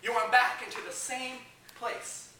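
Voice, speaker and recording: A man preaching an energetic youth sermon, telling stories animatedly, acting out quotes and shouting at the peaks. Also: very high voice, measured pace, vocal fry, background noise. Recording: echoey hall, heard from a distance.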